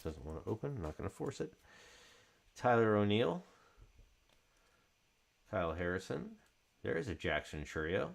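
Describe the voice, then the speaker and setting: A man's voice: on the low side, big pitch swings, moderate pace, creaky, long pauses. A man hosting a card break, chatting casually and calling out card names as he opens packs.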